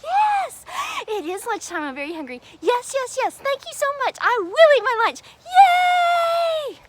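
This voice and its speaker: A woman voicing Eve as an eager, cheerful young woman in a children's Bible story, bubbly and excited. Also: high voice, slow, heavy background noise.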